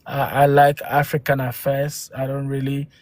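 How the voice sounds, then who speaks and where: A man's voice: medium pitch, monotone, normal speed, no room sound. A man from Ghana, hosting a live stream and arguing with viewers through rhetorical questions and exclamations into a phone. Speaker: livestream host.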